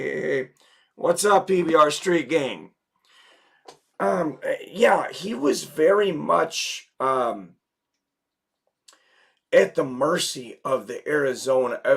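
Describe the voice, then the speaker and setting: Man, sick, losing his voice, gravelly, casual livestream host, rambling, mid pitch. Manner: rambling, filler-heavy. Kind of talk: casual livestream chat reading viewer comments.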